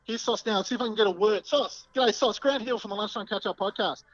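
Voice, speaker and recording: A man's voice: sits high, fast talker, fairly bright tone, no echo, muffled recording. An Australian man doing a comic mock field report, hesitant and full of ums. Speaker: podcast co-host playing a field reporter.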